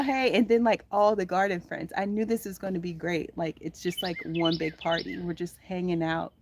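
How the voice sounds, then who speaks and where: A woman's voice: mid-range voice, darkish tone, slight background noise. Bubbly woman livestreaming from her garden. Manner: bubbly, laughs often, greets viewers. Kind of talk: spontaneous live chat with viewers. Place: home garden, outdoors. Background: birdsong.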